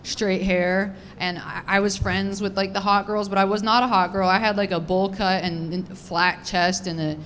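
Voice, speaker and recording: A young woman doing a stand-up comedy set, crude and unfiltered, rambling with lots of "dude" and "like", her voice a little raspy. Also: mid-range voice, steady tone, moderate pace, hardly any pauses, a bit bright, a little hiss or hum. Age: young adult.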